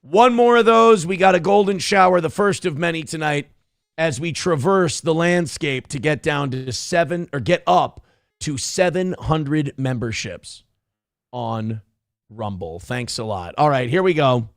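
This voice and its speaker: A man's voice: a little high, unhurried, gravelly, no room sound. A man hosting a show, giving sarcastic, profane political commentary in a ranting way on a close mic. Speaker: show host.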